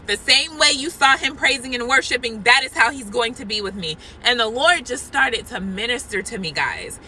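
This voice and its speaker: A woman's voice: fairly high pitch, animated, normal speed, hardly any pauses, sharp tone, rough recording. Woman giving a fervent prophetic word from a parking lot, earnest and repeating herself, faint outdoor noise behind. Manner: earnest, repetitive, talks straight to viewers as guys. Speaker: Christian vlogger sharing a prophetic word. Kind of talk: impassioned testimony and prophecy.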